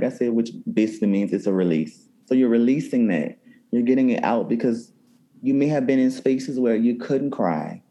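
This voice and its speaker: A man from New Orleans speaks as a therapist guest in an interview. His voice sits mid-range with a mellow, dark tone. He talks in an animated, storytelling way and restarts his phrases often. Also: medium pitch, moderate pace, low-quality recording. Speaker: therapist and cookbook author. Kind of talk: interview conversation.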